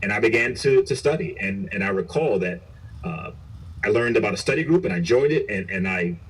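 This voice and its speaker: A middle-aged man, a police chief, telling his story in an interview, earnest and halting with frequent restarts. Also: fairly low pitch, animated, a little hiss or hum. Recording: recorded far from the mic.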